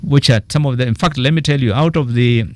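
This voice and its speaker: A man with a Kenyan accent, a political economist speaking as a radio interview guest, animated and telling stories with quoted asides. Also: mid-range voice, quick pace.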